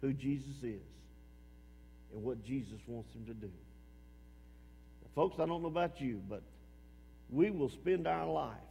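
A man preaching a sermon with emphasis, repeating his phrases and swinging between loud and hushed. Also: medium pitch, measured pace, vocal fry, pauses often, big-room sound, slight background noise.

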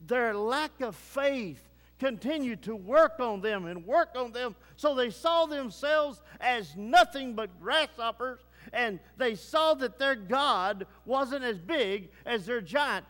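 A man preaching a sermon with fervent delivery, moving between low grave tones and rising urgency. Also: expressive, takes it slowly, a bit bright, long reverb tail.

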